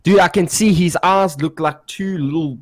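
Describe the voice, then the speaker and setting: A young man co-hosting a podcast, telling stories in a casual, animated way and swearing freely. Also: a little high, normal speed, no room sound. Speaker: podcast co-host. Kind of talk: casual storytelling.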